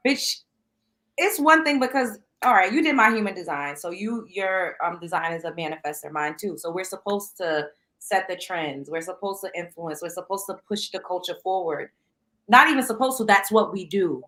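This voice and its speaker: Young female host, bright tone, lively and loose, swears freely, laughs a lot. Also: lowish voice, normal speed, poor audio. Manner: animated, laughs often, swears casually. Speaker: podcast host. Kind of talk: casual chat.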